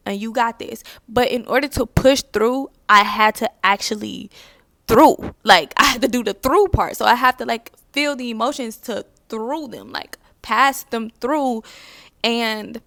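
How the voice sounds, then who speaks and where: A young woman talking softly and openly about healing to her viewers, confiding and full of fillers. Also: fairly high pitch, creaky, no echo. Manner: soft-spoken, confiding, many "like" and "you know" fillers. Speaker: spiritual vlogger. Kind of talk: heartfelt personal talk to camera.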